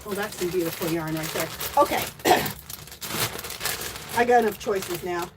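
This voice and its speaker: An American woman hosting a casual yarn giveaway livestream, chatty and loudly exclamatory as she talks to her viewers. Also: lowish voice, normal speed, noisy background. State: coughing and teary after choking on water. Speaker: livestream host giving away yarn.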